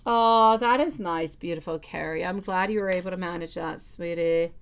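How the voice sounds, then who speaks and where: A woman's voice: fairly low pitch, normal speed, clean tone. A woman giving a live tarot reading and answering viewers in chat, affectionate, calling them sweetie and lovely. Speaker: tarot reader.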